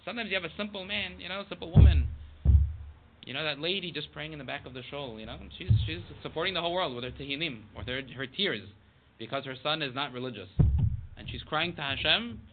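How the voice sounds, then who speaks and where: A man's voice: on the high side, lively intonation, quick pace. A man giving a casual Torah class, talking conversationally with many asides and Hebrew terms. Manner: conversational, full of "you know" and Hebrew terms. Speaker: Torah teacher. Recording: tinny phone-like line with faint noise.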